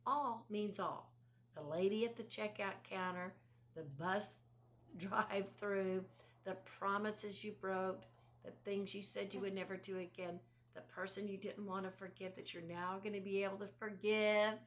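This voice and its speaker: A woman giving a conversational devotional talk. She asks the listener many rhetorical questions, sometimes sinks to a hush, and reads scripture slowly. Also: mid-range voice, steady tone, slight background noise. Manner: drops to a hushed, near-whispered delivery at times. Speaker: devotional speaker.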